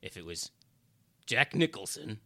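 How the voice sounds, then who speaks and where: A man playing a smug gravelly devil. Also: lowish voice, sing-song, a little slow, pushed and bright, dry recording, heavily acted. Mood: teasing. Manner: teasing, smug game-show patter. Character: mocking male devil holding a man captive. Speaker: co-host.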